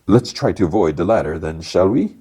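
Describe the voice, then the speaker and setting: A man voicing a smug, cool male Irish bank robber leader in a rough attempt at an Irish accent, drawing out his words mockingly. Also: low-pitched, lively intonation, a little fast, warm tone, full character voice. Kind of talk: recapping a show with acted quotes.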